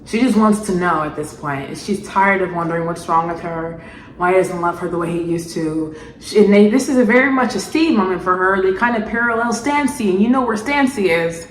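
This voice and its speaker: A woman ranting in a vlog commentary, animated, sarcastic and exasperated. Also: lowish voice, a little fast, echoey room, slight background noise, rough recording. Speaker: video essayist.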